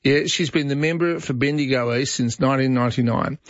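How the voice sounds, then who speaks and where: A man's voice: medium pitch, brisk, no room sound. A middle-aged Australian man hosting talkback radio, chatting and giving his opinions on listener messages. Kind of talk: casual talkback chat. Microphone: studio microphone. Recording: slightly dull broadcast audio.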